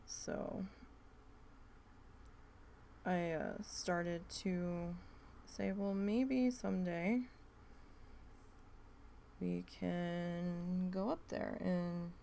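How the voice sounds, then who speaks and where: A young woman with a New Jersey accent, chatting casually and thinking out loud while she works on a craft project. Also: on the low side, fairly even intonation, drawn-out words, creaky, long pauses, slight background noise. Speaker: craft vlogger.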